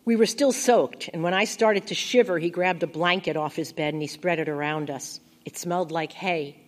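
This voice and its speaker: A woman narrating a first-person audiobook in a quiet, intimate, reflective way. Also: fairly low pitch, normal speed.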